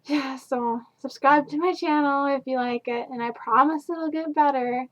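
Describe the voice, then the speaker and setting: A young woman who works at a fast food counter, telling stories about customers in a casual, sarcastic, exasperated vlog rant full of fillers. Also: high voice, a bit bright. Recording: dull lo-fi home video.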